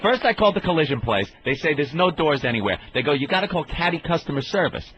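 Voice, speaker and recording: A man's voice: a little high, big pitch swings, quick pace, fairly bright tone, a little hiss or hum. A male comedian telling a story on a radio show, acting out everyone in it with profane, indignant energy. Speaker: comedian guest. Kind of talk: animated comic storytelling. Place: radio studio. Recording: dull lo-fi radio broadcast.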